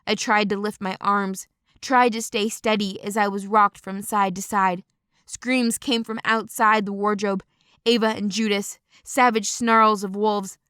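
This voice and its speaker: A woman reading a novel aloud in first person, measured and expressive. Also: medium pitch, smooth, no echo, clean studio sound. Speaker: audiobook narrator. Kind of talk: scripted first-person narration.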